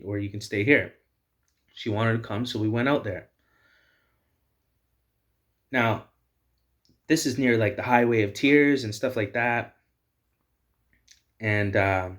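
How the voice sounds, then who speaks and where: A man hosting a video, delivering heated, repetitive personal commentary. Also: lowish voice. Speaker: video host.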